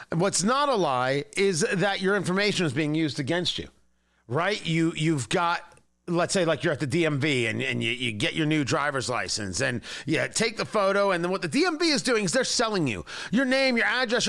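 A man's voice: high-pitched, fairly bright tone. A man hosting a political talk show, speaking emphatically and repeating phrases for stress. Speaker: radio talk show host. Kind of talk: opinionated political talk and read ad.

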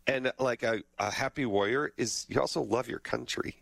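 A man's voice: medium pitch, moderate pace, gravelly, a bit bright, no echo. Middle-aged guy host, jokey storyteller, dry close mic sound. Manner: jokey, self-deprecating storyteller. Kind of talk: casual interview chat.

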